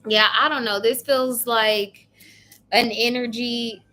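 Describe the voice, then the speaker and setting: A woman's voice: fairly high pitch, steady tone, takes it slowly, pushed and bright. A woman giving a casual live tarot reading, chatty and blunt, casually swearing and speaking to viewers by name. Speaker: tarot reader.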